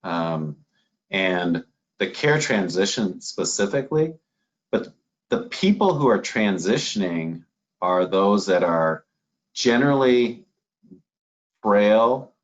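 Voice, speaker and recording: Low male voice, Minnesota accent, doctor guest, folksy and easygoing, muffled lo-fi audio. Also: very animated, takes it slowly, long pauses. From northern Minnesota, USA. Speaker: chief medical officer, guest. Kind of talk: conversational interview.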